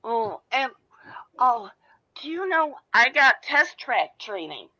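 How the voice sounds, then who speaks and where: A woman's voice: on the high side, big pitch swings, slow pace, bright, forceful tone. A woman from Michigan chatting casually on a panel show, rambling and jokey, with the odd swear. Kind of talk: casual chat. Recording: muffled lo-fi audio.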